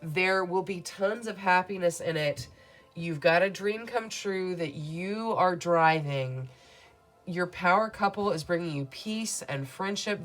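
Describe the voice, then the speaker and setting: A woman reading tarot cards for her viewers in a soothing, affirming way. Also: lowish voice. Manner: soothing, affirming, speaks to viewers as "beautiful souls". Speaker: tarot reader.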